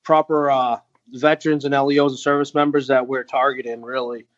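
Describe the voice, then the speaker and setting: A man with a middle-pitched voice tells his story as a podcast guest, earnest and halting, full of pauses and restarts. The audio sounds dull and lo-fi. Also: flat delivery. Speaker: guest, veteran who runs an outdoor organization for veterans. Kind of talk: candid storytelling in interview.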